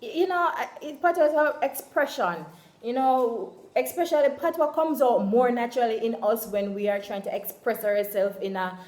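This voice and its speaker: A young woman with a Jamaican accent chats casually to her viewers, her talk full of easy fillers. Her voice sits a little high. The room around her rings with echo. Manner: chatty, full of "you know" fillers. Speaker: vlogger. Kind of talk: casual vlog to camera.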